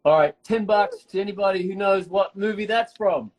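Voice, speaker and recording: A man's voice: high voice, moderate pace, few pauses, rough recording. Teasing man bantering on a video call. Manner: teasing, jokey, banters freely. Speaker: actor co-hosting a live stream. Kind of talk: casual chat on a live video call.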